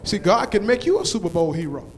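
A man preaching a sermon in a church, with call-and-response lines that build to shouted climaxes. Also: high voice, wildly swooping pitch, fast, a crowd in the background. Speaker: pastor. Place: church sanctuary. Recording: long church reverb.

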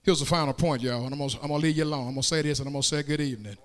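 A man preaching a sermon in a church, swinging from plain talk into shouted, sung cadences and calling out to the congregation for answers. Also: fairly high pitch, rapid-fire. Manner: calls out to the congregation for response. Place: church sanctuary. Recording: long hall reverb.

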